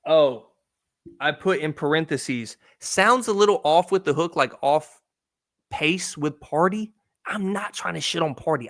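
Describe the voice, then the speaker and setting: Blunt, foul-mouthed podcast host. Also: male voice, a little high. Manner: blunt, swears freely, jumps between loud and mumbled asides. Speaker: podcast host reviewing an album. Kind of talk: casual profane commentary.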